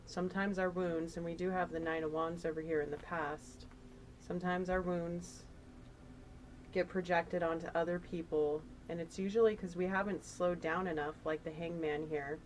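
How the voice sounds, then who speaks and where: Woman, tarot reader, chatty and emotional, rambling, lowish voice. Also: steady tone, a little fast, hardly any pauses, darkish tone, a little hiss or hum, poor audio. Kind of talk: casual spiritual tarot reading.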